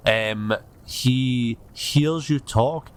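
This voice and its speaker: A man narrating as game master of a tabletop game in a relaxed, hesitant way, with frequent ums. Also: mid-range voice, drawn-out words.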